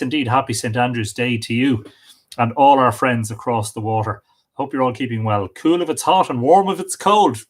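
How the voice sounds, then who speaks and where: Irish man chatting through live comments. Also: mid-range voice. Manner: chatty, warm greetings to each name, small slips and restarts. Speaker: livestream host greeting viewers. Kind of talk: casual live chat reading out comments.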